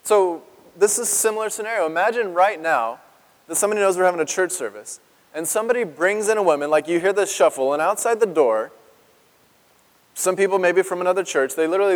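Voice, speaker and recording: A man's voice: high-pitched, big-room sound. A man preaching a sermon as pastor, talking conversationally and asking his congregation questions. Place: church sanctuary.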